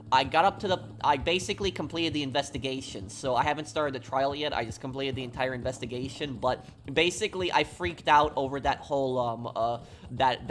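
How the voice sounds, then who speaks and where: A man's voice: a little high, a bit bright. Guy from new york streaming, rambly casual chat answering viewers, faint game noise and hooves behind. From New York, USA. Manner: rambling, apologetic, talks over gameplay. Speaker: live streamer.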